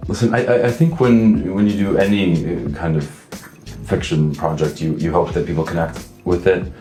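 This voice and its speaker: A man with a very low, deep voice talks easily about his work, thoughtful and unhurried, circling back on his own phrases. He is from Canada. The sound is roomy, with a soft bed of music behind him. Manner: relaxed, thoughtful, restarts his sentences. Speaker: actor. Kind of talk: casual talk to camera.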